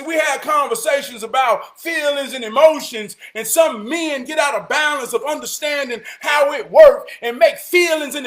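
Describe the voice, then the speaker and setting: A man with a Southern US accent giving an inspirational talk, preaching and building to shouts before dropping low. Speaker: motivational speaker.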